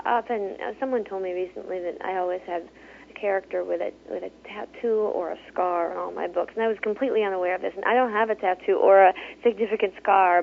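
A woman's voice: mid-range voice, gravelly. A woman author talking casually as an interview guest, chatty, with many fillers and frequent laughs. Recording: tinny phone line.

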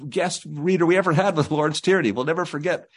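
A man's voice: on the high side, fast, slightly rough. A male guest author telling rambling anecdotes in an interview, slipping into quoted voices.

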